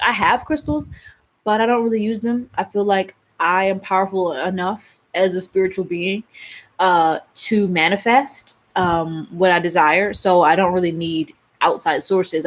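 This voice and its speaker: A woman vlogger chatting casually to her viewers, musing and rambling, calling them y'all. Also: mid-range voice. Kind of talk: casual chat.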